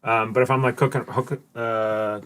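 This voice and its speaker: A man's voice: mid-range voice, level tone, normal speed, a bit bright, clear, resonant tone. A man in his thirties hosting a live card game stream, chatting casually with many fillers and self-deprecating remarks. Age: 30s. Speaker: stream host.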